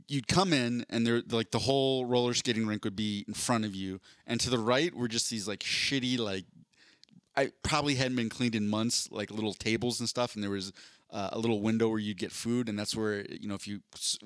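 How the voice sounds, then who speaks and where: A man's voice: lowish voice, a bit bright, dry recording, studio quality. A man co-hosting a podcast in casual chat, rambling through stories with a self-deprecating, jokey manner. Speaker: podcast co-host.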